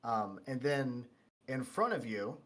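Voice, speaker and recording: A male game master describes the scene of a tabletop game in a casual way, pausing with "um" and "uh". His voice is bright and clear, and his pitch sits in the middle. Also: animated. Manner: casual, with filler "um" and "uh".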